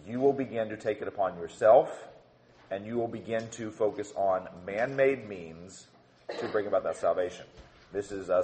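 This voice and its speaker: A man's voice: lowish voice, slight background noise. A man preaching a sermon in an earnest teaching manner, often repeating words as he builds a point and checking in with "okay". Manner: often says "okay" as a signpost.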